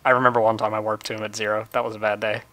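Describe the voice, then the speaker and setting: A man's voice: fairly low pitch, little pitch movement, racing, pushed and bright. A man chatting casually with friends while livestreaming a game, laughing often and poking fun at himself. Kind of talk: casual gaming chat.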